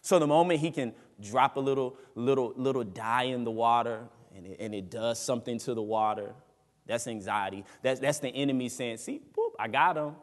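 Male pastor, sermon, emphatic swings of loudness, long church-hall reverb. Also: mid-range voice, brisk. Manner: emphatic preaching with dramatic rises and drops. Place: church sanctuary.

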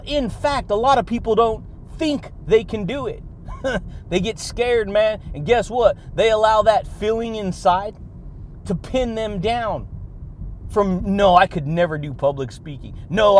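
Man, high voice, hyped motivational podcast host, laughs between lines, faint background hiss. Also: a little mellow. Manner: hyped, laughs between phrases, calls listeners buddy and baby. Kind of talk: motivational monologue.

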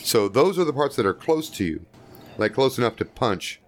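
A man's voice: mid-range voice, animated, moderate pace. A man narrating as game master in a tabletop game, in a loose, profane, chuckling way.

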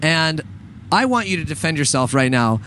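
A man's voice: fairly high pitch, very animated, normal speed, a bit bright, slight background noise. Rambling, laughing young man co-host. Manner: rambling, laughs often, many fillers and restarts. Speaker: podcast co-host. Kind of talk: casual chat with banter.

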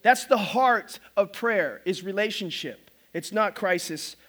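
A middle-aged man preaching a sermon to his congregation as pastor, telling stories in an animated, self-mocking way. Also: sits high, unhurried. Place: church service before a congregation.

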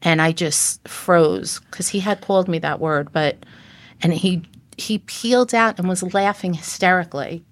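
A middle-aged woman speaks in a low voice as a podcast guest, telling her own story in earnest, halting sentences that often restart. The sound is dry and close, with no room around her. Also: no echo. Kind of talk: personal storytelling in conversation.

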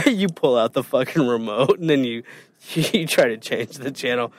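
A man's voice: mid-range voice, big pitch swings, takes it slowly, dry recording. A young adult man co-hosting a podcast, laughing often and tossing in jokey interjections. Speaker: podcast co-host. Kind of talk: casual chat.

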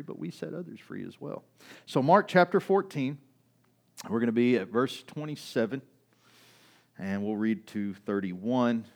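A man's voice: on the low side, creaky, a little mellow. A male pastor preaching a sermon in a church, talking casually with fillers and restarts, and raising his voice to act out quoted lines. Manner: conversational, with many fillers and restarts; acts out quoted lines with raised voice.

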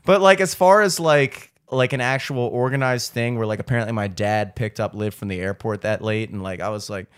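A man's voice: fairly low pitch, brisk, hardly any pauses, clear, resonant tone, no echo, clean studio sound. A man in his thirties telling long, profane stories in casual chat as a podcast co-host, filling his talk with "like". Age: 30s. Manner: rambling, profane, heavy use of "like".

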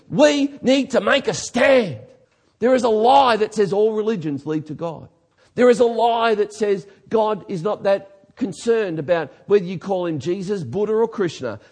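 A man preaching a sermon as pastor, emphatic, dropping low and then rising to shouts. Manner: emphatic, swings from quiet to shouting.

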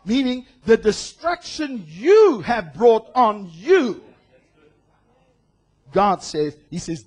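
High, animated preacher from South Africa. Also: male voice, husky. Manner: passionate, swings from soft asides to loud proclamations; draws out scripture quotes slowly. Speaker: pastor. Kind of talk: sermon.

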